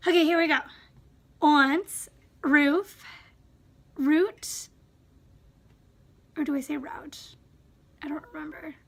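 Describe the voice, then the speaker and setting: A young woman with a Wisconsin accent reads quiz questions and word lists in a casual, chatty way. Her voice sits high, and she often stops to wonder aloud whether she says a word right. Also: a bit bright. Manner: reads a word list, musing aloud and second-guessing her pronunciations. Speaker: vlogger. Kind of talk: casual accent tag reading.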